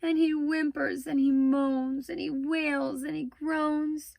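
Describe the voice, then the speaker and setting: Lady reading a picture book to kids, high gentle voice, slow, dry close sound. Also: vocal fry, dry recording. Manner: gentle, expressive. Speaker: storyteller. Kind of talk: children's read-aloud.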